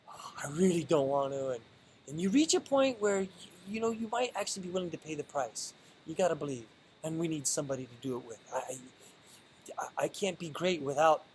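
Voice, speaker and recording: Earnest man with a higher voice. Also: slight background noise, low-quality recording. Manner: earnest, repeats and restarts words. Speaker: vlogger. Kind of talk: motivational monologue.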